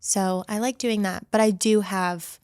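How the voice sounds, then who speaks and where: A woman's voice: medium pitch, fairly even intonation, a little slow, darkish tone, clean tone, dry recording, studio quality. Young woman giving upbeat advice. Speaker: esthetician and studio owner. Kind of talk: casual podcast interview.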